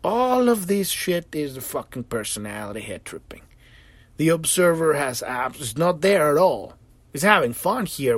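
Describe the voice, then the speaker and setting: A man hosting a podcast in a casual spiritual monologue, animated and profane, acting out quotes and laughing often. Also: fairly high pitch, normal speed, dry recording. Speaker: podcast host.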